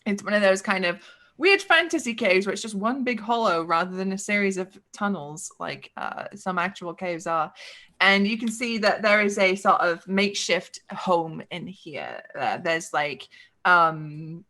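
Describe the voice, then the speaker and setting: A woman's voice: medium pitch, a little slow, sharp tone. Chatty woman game master. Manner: chatty, hesitant, with many fillers. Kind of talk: casual tabletop narration.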